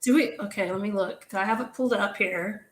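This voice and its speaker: A woman's voice: medium pitch, brisk, reverberant, poor audio. A woman co-hosting a live pen show stream, chatting casually, trailing off and restarting, and swearing now and then.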